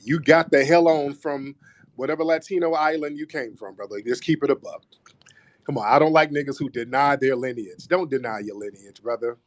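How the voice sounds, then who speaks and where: A man's voice: mid-range voice, a little fast, dry recording. A man hosting a live audio chat room, confronting callers in a mocking, combative way. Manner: confrontational, mocking, repeats "brother". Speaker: host.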